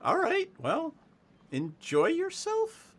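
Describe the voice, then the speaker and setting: A cheery, eager-to-please female town deputy from a tabletop game, put on by a man, her voice lifted well above his own. She sounds hospitable and keen to help, with a lively, swooping tone. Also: very high voice, slow pace, voice pushed up, heavily acted. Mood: friendly.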